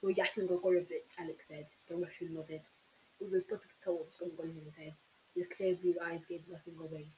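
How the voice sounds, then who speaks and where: Mellow-voiced audiobook reader. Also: mid-range voice, fast talker, slight background noise, rough recording. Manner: steady narration with small slips. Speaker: audiobook reader, channel host. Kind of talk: reading a novel aloud.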